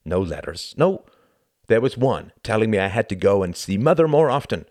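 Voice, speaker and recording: A man's voice: fairly low pitch, sing-song, moderate pace, a little mellow, no echo, studio quality. A man voicing a brooding young Englishman. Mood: bitter. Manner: wry, weary, self-mocking.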